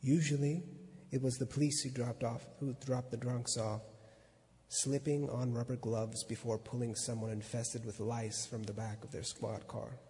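A man, a magazine editor, reading a literary excerpt aloud at an unhurried pace, now and then stumbling and restarting a word. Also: mid-range voice, level tone, warm tone, slight background noise. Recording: long reverb of a hall.

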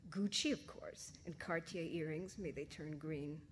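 A woman's voice: low voice, measured pace, noisy background. A woman voicing a sly, teasing teen girl. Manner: mocking, conspiratorial.

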